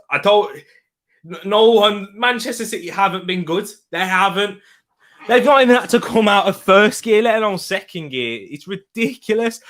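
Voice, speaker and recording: A man's voice: high-pitched, fairly bright tone. A man hosting a live football watch-along, talking in an exasperated, rambling way and repeating himself.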